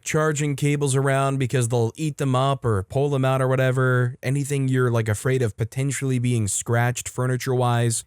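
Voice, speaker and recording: A man's voice: medium pitch, no echo. Man reading online stories, dry sound. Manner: relaxed, conversational asides. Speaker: story narrator. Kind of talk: reading online posts with casual commentary.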